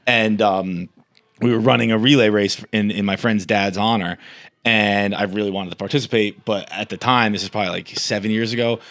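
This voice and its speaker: A young man with a lowish voice chats as a podcast guest. He rambles and restarts his sentences, stammering as he goes. He comes from the South Coast of Massachusetts. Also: fairly even intonation, brisk, fairly bright tone. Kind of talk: casual chat.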